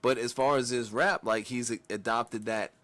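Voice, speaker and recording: A man's voice: medium pitch, steady tone, normal speed, a bit bright. A man hosting a reaction video, talking casually in a rambling, self-correcting way with slang.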